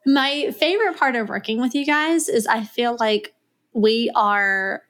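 A woman with a light Southern US accent chats as an interview guest, relaxed and friendly. Her voice sits a little high, and she laughs easily between thoughts. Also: a little slow. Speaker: guest, executive assistant. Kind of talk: casual interview chat.

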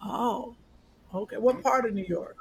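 A woman from Cleveland hosting a casual podcast chat, playful and teasing, with loud bursts of laughter. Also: on the high side, unhurried, husky, rough recording. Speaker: podcast host.

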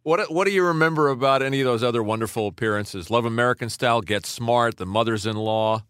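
Eager male podcast interviewer, bright voice, dry close mic. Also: mid-range voice, quick pace, clear, resonant tone, no echo. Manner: enthusiastic, asks questions. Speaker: podcast co-host. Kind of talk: casual interview chat.

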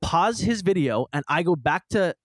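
A man's voice: fairly high pitch, lively intonation, normal speed, a bit bright, no room sound. A young man co-hosting a podcast, telling a rambling story in earnest, casual chat. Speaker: podcast co-host.

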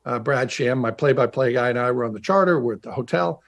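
A man's voice: mid-range voice, fast talker. A middle-aged man, a former pro football player turned broadcaster, telling stories in a remote interview with chatty restarts and emphatic repetition. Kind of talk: remote interview, anecdotal storytelling. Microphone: video call.

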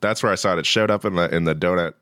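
A man's voice: sits low, very fast, a bit bright, no echo, studio quality. A man co-hosting a podcast in casual chat, reacting briefly, laughing along and asking questions. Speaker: podcast co-host.

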